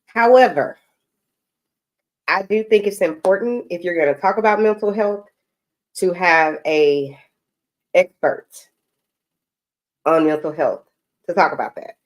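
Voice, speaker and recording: Low-pitched woman, casual commentary, deliberate and direct. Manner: deliberate, self-correcting, direct.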